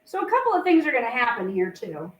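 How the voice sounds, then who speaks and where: A woman's voice: on the high side, wildly swooping pitch, fast talker, a little hiss or hum. A woman teacher giving a casual, chatty history lecture, full of fillers and playful asides. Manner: chatty, acts out quotes with fillers.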